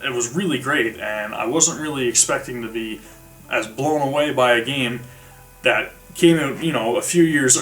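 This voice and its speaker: A man's voice: medium pitch, fairly bright tone. Rambling man, slightly distant mic. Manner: rambling, many fillers and restarts. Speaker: video game reviewer. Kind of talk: casual spoken review. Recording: slightly distant mic with faint music behind.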